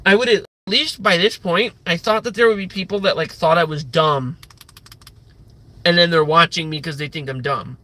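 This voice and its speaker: A man with a high voice talks on a casual live stream, rambling loosely and swearing freely. His tone is bright and forceful, and his sentences are heavy with "like." It sounds like unscripted, off-the-cuff chat. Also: normal speed. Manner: rambling and profane, heavy use of "like".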